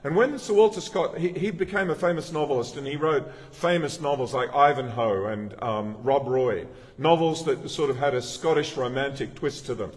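With a medium-pitched voice and a moderate pace, this middle-aged pastor runs his sermon together with hardly any pauses. His preaching is chatty and story-driven, full of restarted sentences, and the church hall wraps it in a long echo.

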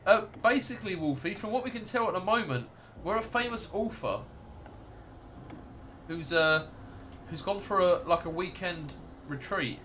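A man's voice: high-pitched, expressive, normal speed, fairly bright tone, a little hiss or hum. An American man streaming a game live, chatting casually and rambling to his viewers. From United States.

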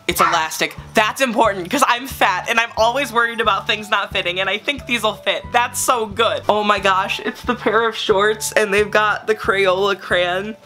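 A woman vlogging an unboxing in an excitable, gushing way, full of exclamations. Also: mid-range voice, normal speed, hardly any pauses, soft background music. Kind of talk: casual unboxing vlog.

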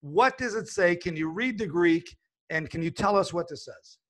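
A man's voice: sits high, lively intonation, moderate pace. A man hosting a religious discussion, asking earnest, probing questions. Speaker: host.

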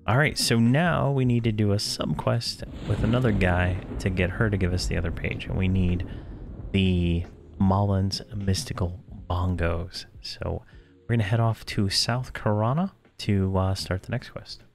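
Low-voiced man narrating a game. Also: measured pace, vocal fry, over music. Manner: casual, lots of uh fillers. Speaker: gamer commentator. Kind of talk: game playthrough commentary.

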